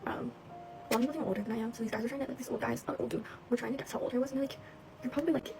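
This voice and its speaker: A woman's voice: a little high, racing, gravelly, rough recording. A teenage girl working as a cashier, telling a chatty storytime full of fillers and bemused asides. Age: teens. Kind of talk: casual storytime. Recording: music playing behind the voice.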